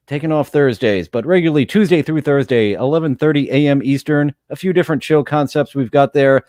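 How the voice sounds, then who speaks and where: A man talking as a guest on a casual podcast, halting and full of fillers. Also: mid-range voice, a little mellow, no echo, studio quality. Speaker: guest streamer.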